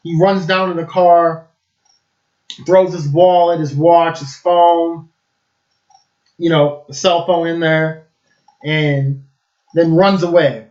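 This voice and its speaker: A man's voice: on the high side, fairly even intonation, takes it slowly, pauses often, darkish tone, echoey room, muffled recording. A man giving a casual, enthusiastic film review, rambling with lots of fillers.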